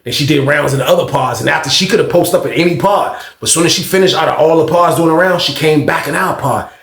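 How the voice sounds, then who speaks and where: A man telling a story in a casual, slangy way, animated and often laughing. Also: a little high, fast. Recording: roomy echo.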